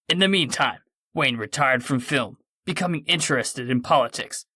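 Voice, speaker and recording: A man narrating an audiobook in a measured, clear manner. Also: medium pitch, bright, forceful tone, no echo, clean studio sound. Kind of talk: scripted narration.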